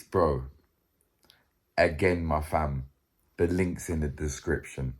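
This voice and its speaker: A man's voice: extremely low pitch, takes it slowly, long pauses. A young man, chatting to camera in a casual, joking, slang-filled way. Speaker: vlogger.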